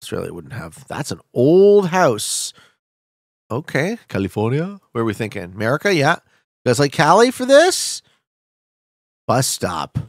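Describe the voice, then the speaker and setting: A man streaming a geography guessing game, chatting to viewers with loud hype bursts and quiet muttering while he thinks. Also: mid-range voice, wildly swooping pitch, measured pace, no echo, studio quality. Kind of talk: casual gameplay commentary.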